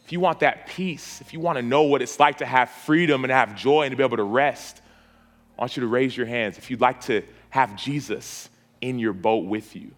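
A man's voice: medium pitch, moderate pace. A man preaching an altar call in a church auditorium, with a repetitive, pleading cadence.

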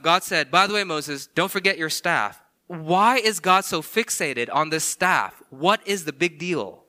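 A male pastor delivering a sermon in a very bright, forceful voice. He speaks with emphasis, asks the listeners rhetorical questions, and keeps checking in with "okay" and "right.". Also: fairly high pitch.

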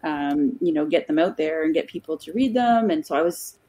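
Husky-voiced woman telling stories on a podcast. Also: low-pitched, animated, a little fast, dark tone. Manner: chatty, many ums and restarts. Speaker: guest author. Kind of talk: casual interview storytelling.

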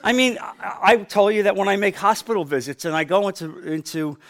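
A middle-aged male pastor from New Jersey preaching a sermon, swinging from loud to quiet with emphasis. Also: sits high, fairly even intonation, brisk.

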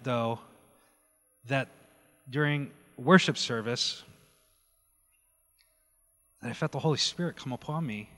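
A man preaching his personal testimony, telling the story with animated energy and acting out quoted dialogue. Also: fairly high pitch. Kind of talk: testimony sermon. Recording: long hall reverb.

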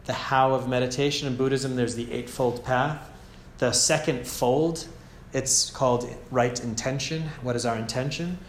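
A man with an American accent giving a gentle, casual meditation teaching at a retreat, often checking in with "yeah?". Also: medium pitch, steady tone, moderate pace, hardly any pauses, slight background noise. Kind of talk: relaxed meditation talk. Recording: echoey room, faint ambience.

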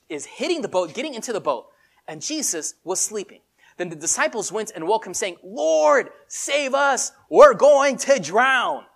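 A preacher giving a sermon in casual, animated storytelling with many filler words. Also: mid-range voice.

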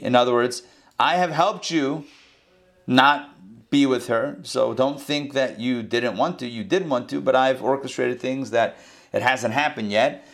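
A man teaching a text-study lesson in a conversational, animated way, acting out the text as he explains it. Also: medium pitch, measured pace, vocal fry.

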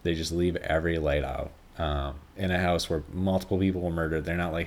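A man with a very low voice hosts a solo podcast in loose casual chat. He rambles, leans on fillers and swears freely as he talks. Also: little pitch movement, brisk, hardly any pauses. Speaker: podcast host.

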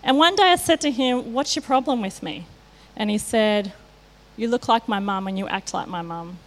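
A woman's voice: medium pitch, expressive, moderate pace. A middle-aged woman giving a sermon, telling candid personal stories with self-mocking asides. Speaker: church speaker.

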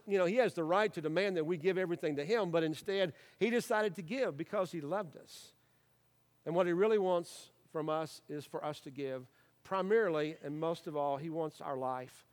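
Earnest middle-aged pastor, slightly high voice. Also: male voice. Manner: earnest, encouraging, with frequent uh fillers and restarts. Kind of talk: sermon.

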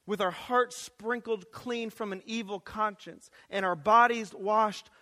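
High-voiced man preaching in an echoing chapel. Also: fairly even intonation, measured pace. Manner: conversational, swings from hushed asides to shouting. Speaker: chapel speaker. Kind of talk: lively sermon. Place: college chapel. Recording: long reverb of a chapel hall.

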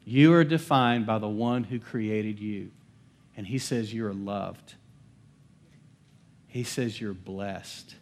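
Emphatic man preaching a sermon. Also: medium pitch. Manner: emphatic, calls for congregation responses; swings between loud declarations and soft hushed lines. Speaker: pastor. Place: church service.

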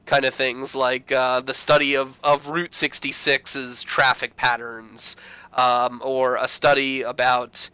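A man in his thirties chats through an episode recap, slipping into playful voices for the characters. His voice is bright and smooth. It sounds close and dry, with no room echo. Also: mid-range voice, slow pace. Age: 30s. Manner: animated, acts out characters in quoted voices, swears. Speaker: podcast co-host. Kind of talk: casual recap chat.

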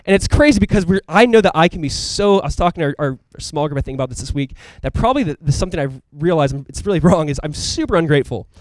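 Male pastor, fairly high voice, rapid, chatty and emphatic sermon delivery, dry sound. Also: animated, no echo. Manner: casual, conversational preaching with frequent asides.

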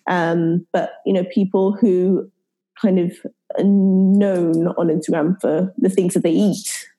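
A British woman speaks as a podcast guest about her baking work. Her voice sits low and sounds husky and dark. She rambles casually, circling back and correcting herself mid-sentence. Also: flat delivery, slow. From United Kingdom. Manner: rambling, filler-heavy, self-correcting. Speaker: guest, baker.

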